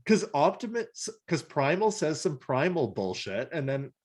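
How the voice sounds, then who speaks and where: A man co-hosting a casual podcast, animated and laughing as he acts out scenes, swearing freely. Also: on the high side, measured pace. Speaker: podcast co-host. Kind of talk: casual podcast chat reviewing a cartoon episode.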